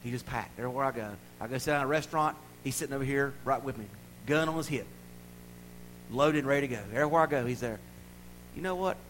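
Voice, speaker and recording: A man preaching a sermon in a folksy, playful way, building to loud declarations. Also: mid-range voice, quick pace, slight background noise, rough recording. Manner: folksy, playful preaching with acted-out voices and rising shouts. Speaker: pastor.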